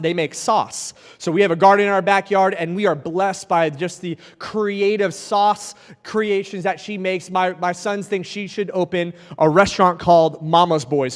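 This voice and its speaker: A man in his thirties speaks at a youth event in a high, smooth voice, and the recording has the echo of a large hall. His sermon is joking and conversational, and he tells stories as he preaches.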